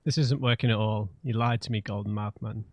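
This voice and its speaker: A man's voice: lowish voice, steady tone, fairly quick, dry recording. A man narrating his own playthrough in a dry, close recording, reading dialogue options aloud as he goes. He fumes and grumbles about his failed choices, with no room sound around him. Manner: reads choices aloud, frustrated and exasperated. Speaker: let's play host. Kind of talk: gameplay commentary.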